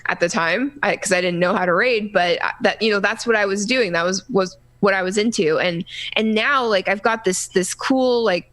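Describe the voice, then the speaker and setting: A woman co-hosting a casual gaming podcast, talking in a rambling, halting way full of restarts and fillers. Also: medium pitch, fairly bright tone. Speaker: podcast co-host.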